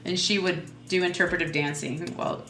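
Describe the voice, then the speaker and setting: Woman comedian guest, bright tone, loose playful rambling, roomy sound. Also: fairly low pitch, steady tone, moderate pace. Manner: playful, rambling, full of fillers. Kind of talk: casual chat. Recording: echoey room.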